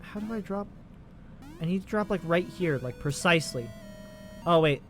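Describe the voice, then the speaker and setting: A man's voice: fairly high pitch, lively intonation, normal speed, fairly bright tone, faint music behind. A man in his twenties giving casual, profane, rambling commentary while playing a video game. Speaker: let's play host.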